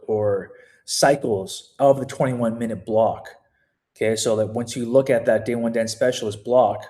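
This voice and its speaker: A man's voice: medium pitch, dark tone. A man, a fitness coach, giving a casual walkthrough, often repeating words and restarting his phrases.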